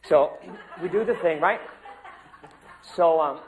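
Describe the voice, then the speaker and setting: A man's voice: fairly high pitch, slow, slight background noise, poor audio. A man, an acting student, telling a casual story to a class, chatty and a bit salty with plenty of fillers.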